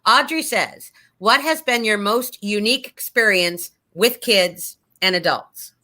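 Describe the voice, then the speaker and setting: A woman's voice: medium pitch, a little slow, sharp tone. A woman co-hosting who reads out listener questions and chimes in with brief supportive remarks. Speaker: co-host reading listener questions.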